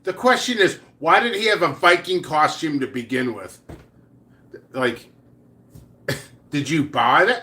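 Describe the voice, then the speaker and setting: A middle-aged man with a slightly high voice tells old workplace prank stories in a loose, rambling way. He stammers through restarts, swears casually and chuckles at his own jokes. It sounds like a relaxed, chatty vlog. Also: a little slow. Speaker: pepper seed channel host.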